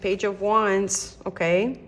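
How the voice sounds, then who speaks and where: A young woman from Canada reads tarot in a loose, chatty monologue, her voice sitting in the middle of the usual range. She speaks gently and encouragingly to the viewer, meandering as she thinks aloud. A faint hiss lies under her voice. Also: mid-range voice, flat delivery, slow. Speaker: tarot reader. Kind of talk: casual tarot reading monologue.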